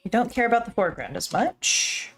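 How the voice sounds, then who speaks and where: Talking fairly quickly in a slightly high, very animated voice, a woman streams herself drawing digitally and muses aloud. She's chatty, pokes fun at herself and jokes into her pop-filtered desk mic.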